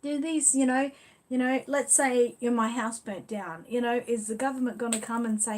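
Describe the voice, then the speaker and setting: A woman's voice: fairly high pitch, fairly even intonation, normal speed, darkish tone. A woman with an Australian accent hosting a live stream, chatting casually and reading out viewer comments, with lots of "you know" fillers. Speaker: livestream host.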